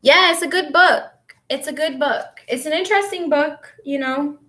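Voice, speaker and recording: Woman vlogger, slightly high voice, loose casual chat, answers viewers while tidying up. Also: normal speed, bright, forceful tone. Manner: chatty, rambling, answers viewer comments. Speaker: vlogger and spiritual coach.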